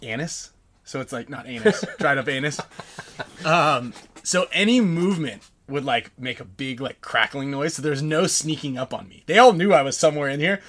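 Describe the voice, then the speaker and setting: A man hosting a podcast, telling a lively story in casual chat and acting out the people in it. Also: fairly high pitch, normal speed, slight background noise. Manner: animated storyteller, acts out voices, frequent laughs. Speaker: podcast host.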